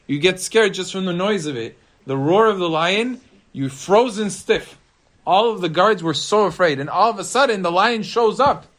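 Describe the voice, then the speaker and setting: A man, a rabbi, telling a story to listeners with animated, dramatic swings of pitch and loudness.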